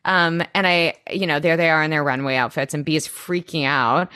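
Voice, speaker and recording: A woman's voice: low-pitched, brisk, sharp tone, clear, resonant tone, no room sound, clean studio sound. A woman co-hosting a podcast in a casual recap chat, talking with many "like" fillers. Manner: chatty, many "like" fillers, laughs often. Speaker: podcast co-host.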